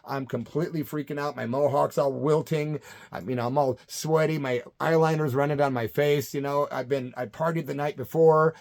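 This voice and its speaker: A middle-aged man telling a story from his youth in a casual, animated way, acting out other people's lines. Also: a little high. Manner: animated, acts out quoted voices, swears casually. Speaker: punk vocalist telling a story.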